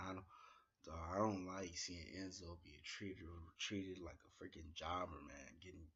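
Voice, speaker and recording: A man with a low, somewhat husky voice recaps a wrestling show in a loose, slangy way. He gets excitable and leans on fillers as he talks. The recording sounds dull and lo-fi. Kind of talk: casual spoken review recap.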